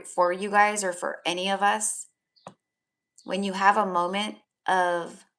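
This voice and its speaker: A woman's voice: lowish voice, vocal fry, fairly bright tone. A woman giving live psychic tarot readings, talking in a soothing, affectionate way with lots of fillers. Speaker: tarot reader.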